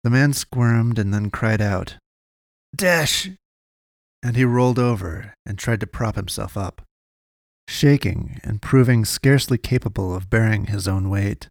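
A man narrating a dark fantasy story in a measured, deliberate reading. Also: lowish voice, creaky, no echo, studio quality. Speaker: audiobook narrator. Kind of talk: scripted fiction narration.

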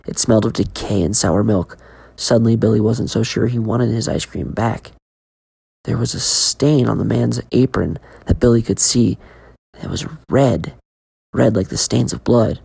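A woman with a remarkably deep voice narrates a scripted horror story. She keeps a steady, measured storytelling pace throughout.

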